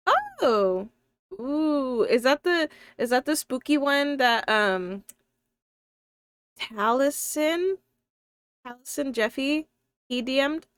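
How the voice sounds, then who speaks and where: A woman's voice: a little high, fairly bright tone, clean tone, no room sound. A young woman with a slight lisp, chatting casually on a live stream, thinking aloud and talking to her viewers. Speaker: live streamer and tabletop player.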